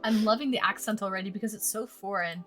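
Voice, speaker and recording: A woman's voice: medium pitch, fast talker, a bit bright, faint music behind. A woman hosting a live stream, chatting playfully and teasing her chat. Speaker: streamer hosting online dates.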